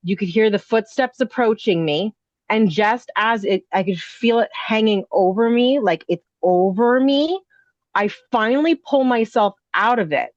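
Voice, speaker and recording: A woman's voice: mid-range voice, lively intonation, unhurried, dry recording. Woman rambling through a ghost story. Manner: breathless, rambling, heavy use of "like" and "you know". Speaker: podcast guest, inn owner. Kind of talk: telling a personal ghost story. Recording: dull, dry lo-fi audio.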